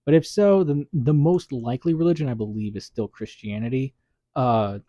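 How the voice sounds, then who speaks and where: A man's voice: mid-range voice, moderate pace, mellow, no room sound, muffled recording. A man hosting a casual commentary video, rambling with lots of fillers and restarts. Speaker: YouTube commentator.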